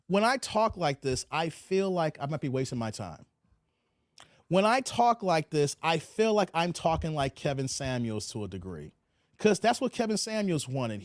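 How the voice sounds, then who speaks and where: High-voiced man streaming commentary, dry sound. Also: dry recording. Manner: preachy, repeats phrases, drawls "man". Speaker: commentary channel host. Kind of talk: livestream commentary.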